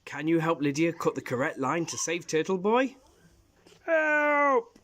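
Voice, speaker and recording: A woman reading her own illustrated children's story aloud with a lively, expressive storytelling delivery. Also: sits low, fairly quick, a little hiss or hum.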